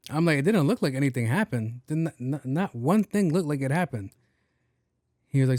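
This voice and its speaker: A man's voice: medium pitch, moderate pace, pauses often, no echo, studio quality. Profane storytelling podcast host, man. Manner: animated, profane, acts out dialogue. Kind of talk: casual storytelling monologue.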